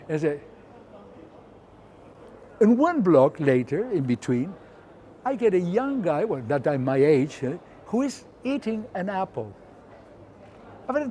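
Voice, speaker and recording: A man in his seventies with an Argentine Spanish accent tells a story from his own life. His voice sits a little high but sounds mellow and dark, and he acts out the scenes with sound effects and quoted voices. A faint hiss of noise runs behind him. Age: 70s. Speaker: photographer telling his story. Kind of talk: personal storytelling.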